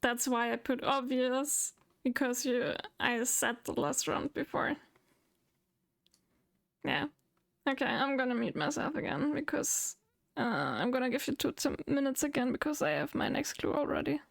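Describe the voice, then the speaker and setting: A woman streaming live, chatting, thinking aloud and getting excited. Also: high voice, normal speed, vocal fry. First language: German. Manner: excitable, talks to herself while thinking. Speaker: VTuber streamer. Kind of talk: live game stream chat.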